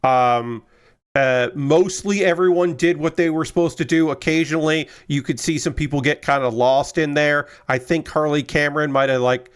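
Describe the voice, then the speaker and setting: Young guy streaming, rambly and fed up, swears a lot, voice a bit on the high side. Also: normal speed, clear, resonant tone. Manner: rambling and exasperated, swears freely, repeats questions. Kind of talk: casual chat while building a model kit.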